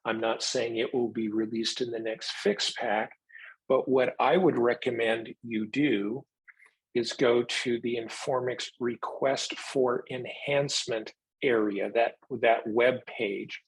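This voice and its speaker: A man giving a technical presentation, explaining new software features in a measured way and taking questions. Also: medium pitch, fairly even intonation, husky, poor audio.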